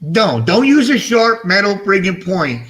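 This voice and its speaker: A man's voice: high voice, big pitch swings, a little slow, fairly bright tone. Toothless middle-aged man rambling. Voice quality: speech affected by missing front teeth. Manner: rambling, self-mocking, swears freely. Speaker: fish-keeping channel host. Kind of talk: casual livestream chat.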